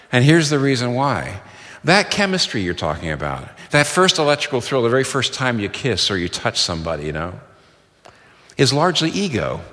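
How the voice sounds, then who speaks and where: A man's voice: mid-range voice, fairly bright tone. A middle-aged man preaching a sermon in an earnest, emphatic way, quoting sources and repeating key phrases for stress. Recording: long hall reverb.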